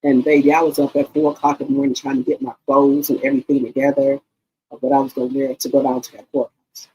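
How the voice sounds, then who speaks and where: A woman's voice: extremely low pitch, level tone, fast talker, mellow, a little hiss or hum, rough recording. A woman hosting her own channel, talking to her viewers in an emotional, casual way and repeating herself often. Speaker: YouTube channel host. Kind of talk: casual heartfelt talk to viewers.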